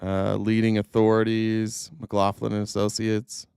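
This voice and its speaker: A man's voice: on the low side, completely flat delivery, a little slow, vocal fry, a little mellow, clear, resonant tone, no echo, studio quality. A man giving blunt, sarcastic political commentary on a live stream, swearing freely and restarting his sentences often. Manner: rambling with frequent restarts and laughs.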